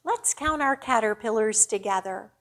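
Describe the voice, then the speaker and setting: A woman, a children's librarian, leading a storytime with a slow, sing-song, animated storyteller voice. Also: fairly high pitch.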